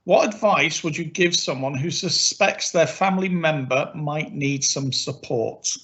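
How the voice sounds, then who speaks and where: Sex: man. Role: moderator. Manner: polite, brisk. Pitch: fairly high. Style: moderating audience questions. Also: a bit bright.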